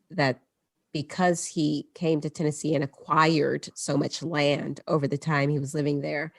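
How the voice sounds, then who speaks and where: A woman's voice: low voice, creaky, no echo, studio quality. A woman hosting a podcast and telling a story casually, moving between read passages and chatty asides. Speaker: podcast host.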